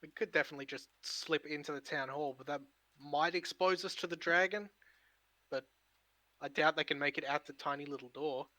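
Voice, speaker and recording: A man playing in an online tabletop game, thinking out loud about tactics with the group. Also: fairly high pitch, a little fast, no room sound. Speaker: player. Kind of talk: tabletop game chat on a voice call.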